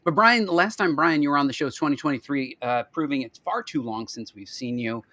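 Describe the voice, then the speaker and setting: A man's voice: medium pitch, a little fast, sharp tone, dry recording. A man hosting a live video-call show, chatting casually and joking as he reels off lists. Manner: chatty and jokey, rattling off lists. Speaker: podcast host. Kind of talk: casual live-stream chat.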